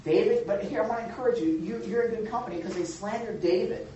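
A man leading a church Bible study, animated and joking, who acts out the quotes he reads. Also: high-pitched, quick pace, lo-fi sound, slight background noise. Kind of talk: church teaching with group discussion. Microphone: room mic from a distance. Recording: echoey hall, far from the mic.

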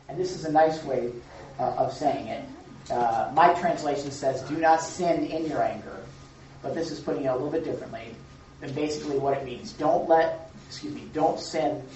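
Man teaching a Bible class, echoey room. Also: medium pitch. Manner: lively, asks the group questions and affirms answers. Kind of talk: interactive Bible lesson. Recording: echoey room, distant mic, dull sound.

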